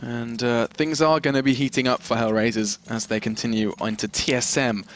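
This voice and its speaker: A man's voice: mid-range voice, fairly even intonation, brisk, slight background noise. A man giving live esports commentary on a headset mic, analytical in tone and speeding up when the action builds.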